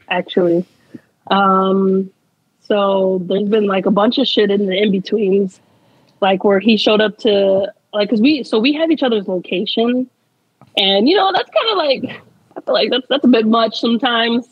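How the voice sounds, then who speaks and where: A woman's voice: mid-range voice, husky, dry recording, dull audio. A young adult woman, a guest in a casual interview, telling a story in a chatty way, laughing often and saying "like" a lot.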